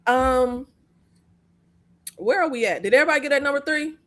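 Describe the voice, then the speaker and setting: A woman hosting a casual movie review chat, blunt and profane, talking in an animated way. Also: high voice, normal speed. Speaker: host.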